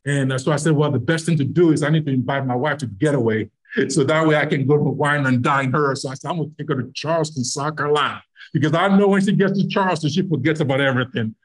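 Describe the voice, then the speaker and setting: A man's voice: on the high side, quick pace. A middle-aged man from Nigeria, a podcast guest, telling a personal story and acting out the dialogue as he goes. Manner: animated storyteller who acts out quoted dialogue. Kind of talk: storytelling anecdote.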